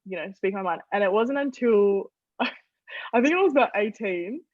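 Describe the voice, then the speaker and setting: A woman's voice: medium pitch, moderate pace, no echo, muffled recording. Laughing young woman telling family stories. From Australia. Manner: animated, laughs often while telling stories. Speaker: interview guest. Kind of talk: casual storytelling interview.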